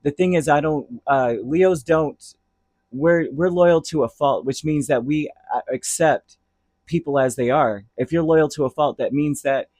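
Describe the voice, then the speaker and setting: A man's voice: a little high, a little slow, a little mellow, no echo. A man giving a casual tarot reading, talking in a rambling, chatty way that drifts into heated asides. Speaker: tarot reader.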